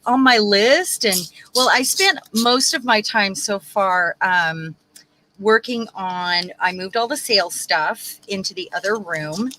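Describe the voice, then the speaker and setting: A woman's voice: medium pitch, slow, rough recording. A woman co-hosting a craft livestream, chatting in a rambling way while she works. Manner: animated, rambling. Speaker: livestream co-host. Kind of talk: casual chat while crafting.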